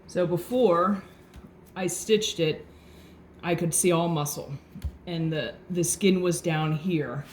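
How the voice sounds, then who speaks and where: A woman caring for an injured hen, explaining what she does in a calm, soothing way and talking gently to the bird. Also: lowish voice, slow. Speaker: backyard chicken keeper. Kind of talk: casual hands-on vlog narration. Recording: roomy echo with faint background noise.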